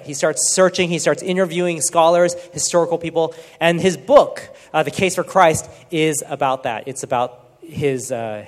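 Earnest male Bible teacher, fairly high voice, casual delivery with hushed emphasis, echoing room. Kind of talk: informal teaching talk. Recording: long reverb.

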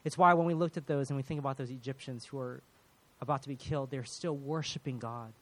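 A man's voice: medium pitch, quick pace, a bit bright, dry recording. A man preaching a sermon as pastor, earnest and prayerful, often repeating words as he speaks.

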